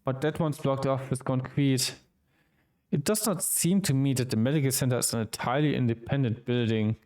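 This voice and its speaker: A man streaming a visual novel, reading the game's dialogue aloud with quick asides of his own. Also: medium pitch, darkish tone.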